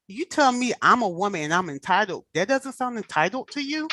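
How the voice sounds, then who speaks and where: A woman in casual chat, telling animated stories and acting out the people she quotes. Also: a little high, fairly quick, hardly any pauses, dry recording.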